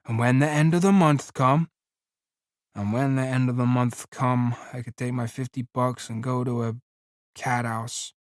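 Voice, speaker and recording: A man voicing a tired ranch worker who speaks in a flat, quiet rural drawl. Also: mid-range voice, unhurried, dry recording, clean studio sound, natural voice. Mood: weary.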